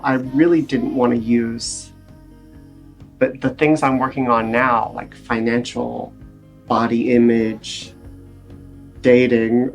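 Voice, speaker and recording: A man with a gravelly, slightly rough voice tells his recovery story in an earnest, animated way, sitting as a podcast guest. His tone is conversational, with faint music behind him. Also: mid-range voice. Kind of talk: casual podcast interview.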